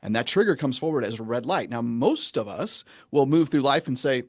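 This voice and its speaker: A man with a middle-pitched voice talks like a coach laying out a lesson, measured and earnest, slowing down to press his points. The recording is close and dry, with no room sound around him. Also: lively intonation, no room sound. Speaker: men's coach and guest. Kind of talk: podcast interview, teaching.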